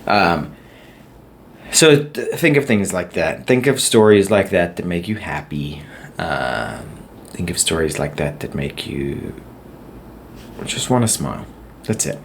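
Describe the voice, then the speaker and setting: A man's voice: low voice, animated, slow, pauses often, a little hiss or hum. A man hosting a casual solo podcast, chatty and rambling, laughing at his own stories. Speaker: podcast host.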